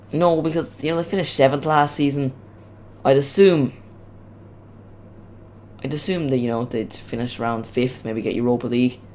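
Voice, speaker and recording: A man commentating live on a football match as a streamer, chatty and rambling, getting loud on big moments, with his voice cracking. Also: medium pitch, slight background noise. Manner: chatty, rambling, excitable on goals. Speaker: watch-along streamer.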